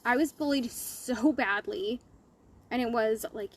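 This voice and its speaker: A woman's voice: a little high, measured pace. A woman business coach talking straight to her audience in a blunt, profane, fired-up monologue. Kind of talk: impassioned monologue to camera.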